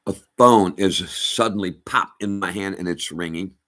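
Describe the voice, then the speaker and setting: Middle-aged man, very low voice, emphatic halting personal testimony. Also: fairly bright tone. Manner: halting, emphatic, with many restarts. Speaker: storyteller addressing a rabbi.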